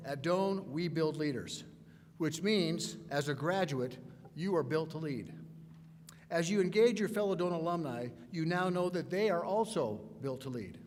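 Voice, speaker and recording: Guy giving a commencement speech, kinda high voice, big echoey hall, emphatic, keeps repeating his line. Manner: emphatic, repetitive refrains. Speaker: commencement speaker. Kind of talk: ceremonial speech. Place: large hall. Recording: reverberant hall, faint background noise.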